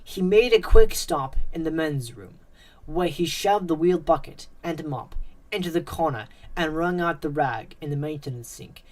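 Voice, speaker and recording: A woman with a notably low voice reads a scripted horror story. Her delivery is measured and suspenseful. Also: darkish tone. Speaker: narrator.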